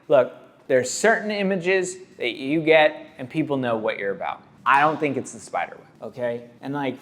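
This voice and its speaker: A man who works as a tattoo artist, giving casual reaction commentary in a blunt, rambling way, full of "like" and "dude". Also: mid-range voice.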